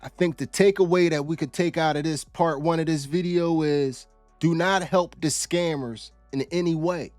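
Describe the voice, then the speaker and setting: A high-voiced man hosts in a folksy, conversational way, reacting to a clip with casual commentary. The sound is dry and close-miked, with faint music running behind him. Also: steady tone, moderate pace, darkish tone, no echo. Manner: folksy and conversational, uses y'all. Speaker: host.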